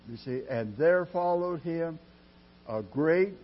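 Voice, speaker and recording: A man preaching a sermon in a dramatic style, dropping to a hush and then rising loud, drawing his words out slowly. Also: on the high side, expressive. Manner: dramatic preaching with sudden loud rises and quiet drops; slow, drawn-out delivery. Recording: dull lo-fi sermon recording.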